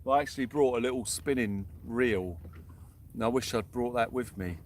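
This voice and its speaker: A man's voice: mid-range voice, moderate pace. A young man giving cheery running commentary while fishing from a small boat outdoors. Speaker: fishing vlogger. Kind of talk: live-stream commentary.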